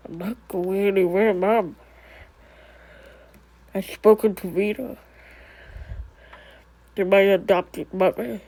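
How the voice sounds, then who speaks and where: A woman voicing a stubborn, brooding young ghost in a one-person amateur drama, speaking low, curt and defiant. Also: fairly even intonation, slow, pauses often, dark tone, poor audio.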